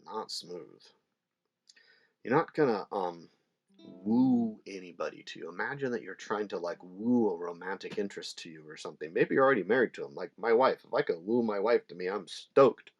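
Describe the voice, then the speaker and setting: Relaxed low-voiced ukulele teacher. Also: male voice, brisk, highs cut off. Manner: relaxed, chatty, with laughs and fillers. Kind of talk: casual instructional talk. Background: ukulele playing between phrases.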